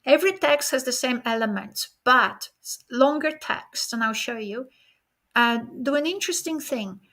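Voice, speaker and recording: A woman delivers a conference keynote in a high, bright, forceful voice. She talks straight to her audience. She keeps checking in with rhetorical questions as she explains. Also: lively intonation, moderate pace. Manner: addresses the audience directly. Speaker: keynote speaker.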